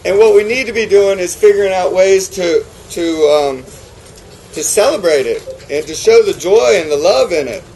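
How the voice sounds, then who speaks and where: A man's voice: high-pitched, animated, normal speed, darkish tone, a little hiss or hum, rough recording. A man giving a passionate talk to a live audience about farming, who keeps throwing rhetorical questions at the crowd. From New England. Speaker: farmer giving a conference talk.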